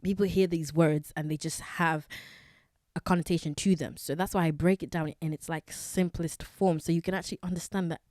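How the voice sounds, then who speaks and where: A woman's voice: low-pitched, fairly even intonation, a little fast, darkish tone, dry recording, clean studio sound. A young woman hosting a casual solo wellness podcast, chatty and self-correcting, with many fillers. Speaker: podcast host.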